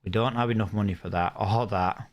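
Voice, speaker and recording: It's live gaming commentary from a young UK man who keeps up a chatty flow, reacting to chat comments and musing as he plays. He speaks a touch quickly in a steady, lowish voice, and the audio is lo-fi.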